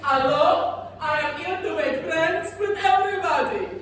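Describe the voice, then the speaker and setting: Woman doing a clubgoer, overeager, beckoning, squeaky high, echoey room, distant. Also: unhurried, fairly bright tone, a little hiss or hum. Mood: eager. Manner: pushy, grinning, beckoning. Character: overeager friendly Nigerian clubgoer. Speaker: stand-up comedian. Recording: echoey club heard from far off.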